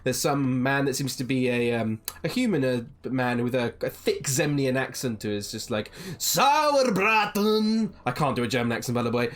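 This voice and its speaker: A game master narrating a tabletop fantasy game, describing scenes with many ums and halting restarts. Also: medium pitch.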